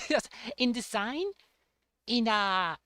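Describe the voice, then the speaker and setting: A young man streaming a game, chatting casually in a halting way and repeating words. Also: sits high, expressive, sharp tone, clean tone, dry recording, clean studio sound. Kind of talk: casual chat while playing a game.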